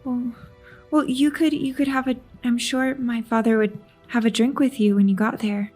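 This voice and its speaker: A woman's voice: a little high, steady tone, moderate pace, soft background music, lightly acted. A woman voicing a timid, hesitant little girl. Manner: hesitant, soft-spoken.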